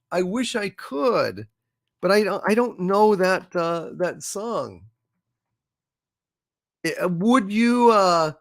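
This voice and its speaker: A man hosting a casual livestream, reading viewer chats aloud and thanking viewers, effusive and apologetic, often halting with fillers. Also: on the high side. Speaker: livestream host. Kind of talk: casual live chat, reading super chats.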